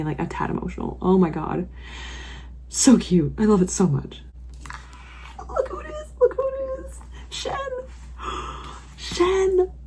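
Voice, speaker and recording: A woman vlogging her reactions while reading, gushing and excitable. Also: mid-range voice, slightly rough. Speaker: book vlogger. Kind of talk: casual reading vlog reactions. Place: at home in a warm room.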